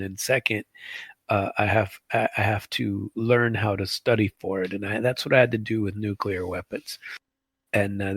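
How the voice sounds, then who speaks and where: Middle-aged male host, low gravelly voice, rambling commentary, dry close sound. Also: a bit bright, no room sound. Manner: rambling, full of restarts and asides. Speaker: show host. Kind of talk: casual political commentary.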